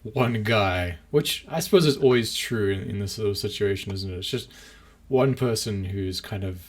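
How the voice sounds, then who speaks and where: Speaking at a normal pace in a lowish voice, this man co-hosts a podcast and chats casually. He rambles, filling his talk with fillers and frequent restarts.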